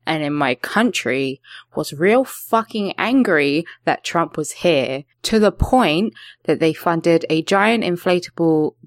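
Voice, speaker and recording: A woman talking in a casual podcast chat, sarcastic and animated, swearing now and then. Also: low voice, slow, no room sound, studio quality. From not from London.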